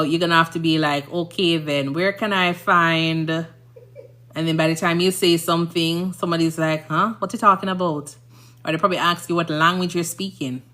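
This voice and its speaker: Jamaican woman, 30s, nurse live-streamer; low, bright tone, rambling casual chat. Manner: chatty, rambling, frequent "you understand?".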